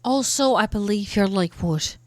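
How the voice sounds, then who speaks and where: A woman's voice: mid-range voice, normal speed. A woman with an Irish accent, playing a tabletop role-play game and teasing the others. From Ireland. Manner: playful, teasing, lively banter. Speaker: player.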